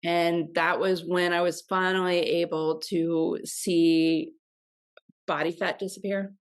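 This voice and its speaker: A woman in her forties, a health coach as guest, talking in a casual, reflective way with hesitant pauses. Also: on the low side, flat delivery, smooth. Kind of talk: casual interview chat.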